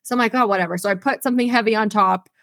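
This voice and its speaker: A young adult woman co-hosting a podcast, telling an animated, profane story with frequent laughs in casual chat. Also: mid-range voice, rapid-fire, dry recording. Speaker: podcast co-host.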